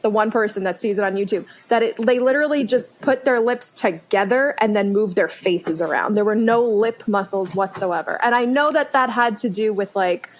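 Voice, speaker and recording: Woman cohost cracking jokes, middle pitch, telling stories all animated. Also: moderate pace, hardly any pauses. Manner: joking, animated storytelling. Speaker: podcast co-host. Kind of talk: casual chat.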